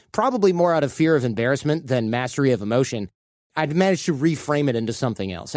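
A man hosting a podcast interview, telling a relaxed anecdote and thinking aloud. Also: medium pitch, no room sound, clean studio sound. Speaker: podcast host. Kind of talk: conversational interview.

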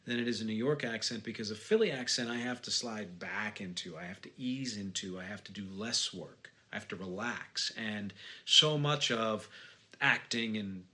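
A man's voice: lowish voice, moderate pace, pushed and bright. A man from the Philadelphia area with a slight Philadelphia accent, hosting a solo podcast in a reflective, musing way with fillers and restarts. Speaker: podcast host.

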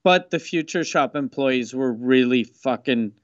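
A man's voice: mid-range voice, measured pace, dry recording, dull audio. A man chatting casually and telling a rambling, profane anecdote. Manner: rambling, profane, hesitant fillers. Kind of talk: casual chat.

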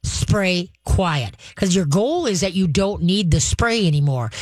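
A dog trainer hosting a call-in radio show, talking in a chatty, loose way with plenty of fillers and restarts. The voice sits at a middle pitch. The sound is close and dry. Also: normal speed, dry recording, poor audio. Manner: lively, acts out owner and dog voices.

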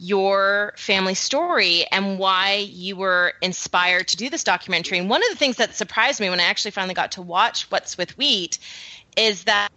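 A Canadian woman co-hosts a casual podcast chat, enthusiastic and rambling, with plenty of fillers. Her voice is medium-pitched and sharp-toned at a moderate pace, in a dry, rough recording.

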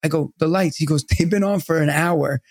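A gravelly-voiced man in his thirties tells a long, rambling story on a podcast, full of fillers and restarts. His voice sits a little high for a man, and the close mic sounds dry. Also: a little fast, no room sound. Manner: rambling, animated anecdote teller with many fillers. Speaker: podcast co-host. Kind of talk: casual storytelling.

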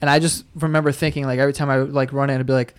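A young man telling animated, profane stories in a casual chat, full of "yo" and "like.". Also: mid-range voice, very fast, clear, resonant tone.

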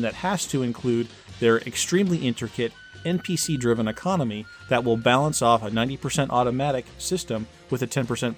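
A man's voice: medium pitch, close to an everyday voice. A hot-headed male debater, as a man puts him on for a mock debate. He is indignant and insulting, and he presses his demands again and again.

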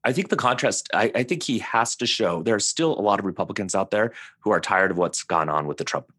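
Deep husky man talking politics. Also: quick pace, fairly bright tone, no echo, studio quality. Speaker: communications expert guest. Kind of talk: casual political discussion.

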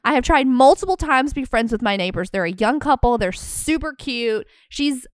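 Candid, animated woman podcast co-host. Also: high voice, moderate pace, smooth, dry recording, clean studio sound. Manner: candid, animated, acts out quoted reactions. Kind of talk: casual chat. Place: podcast studio.

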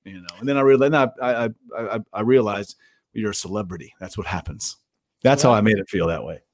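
A man telling stories as a guest in a casual interview, profane and animated, often restarting mid-sentence. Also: lowish voice, dry recording, studio quality. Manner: profane, animated storyteller with quick stammering restarts. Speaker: pro wrestler guest.

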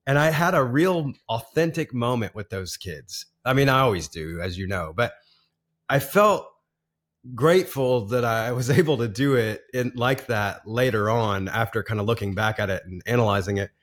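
A man's voice: mid-range voice, expressive, moderate pace. A man in his forties, a podcast guest, telling a personal story in a casual, earnest way with frequent laughs and restarts.

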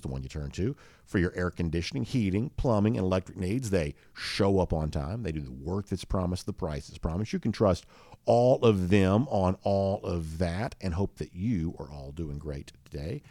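A man's voice: low voice, big pitch swings, normal speed, darkish tone, no echo, studio quality. A man hosting a daily college football talk show, rambling casually with many fillers and restarts. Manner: rambling, self-correcting, with frequent fillers. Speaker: sports show host.

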